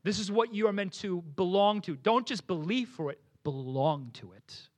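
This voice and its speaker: A young pastor from New Jersey, with the accent to match, preaches a sermon in a high voice at normal speed. He tells his stories animatedly, restarting himself often.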